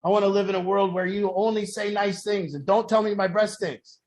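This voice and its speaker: A man's voice: sits high, fairly even intonation, fairly quick, darkish tone. A man speaking bluntly to a group, mixing tough advice with stories. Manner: blunt, profane, storytelling with acted quotes. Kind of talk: blunt motivational talk to a group.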